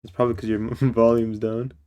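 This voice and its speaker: A man streaming a game live, joking and teasing a friend on voice chat, then reading the game's story text aloud in a slow, measured narrating voice. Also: mid-range voice, completely flat delivery, clean tone, muffled recording.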